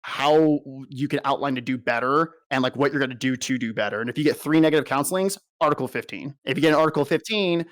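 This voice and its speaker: A young adult man, a soldier being interviewed, telling stories in an animated, exasperated and profane rant. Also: medium pitch, quick pace, few pauses, dry recording. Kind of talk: ranting interview storytelling.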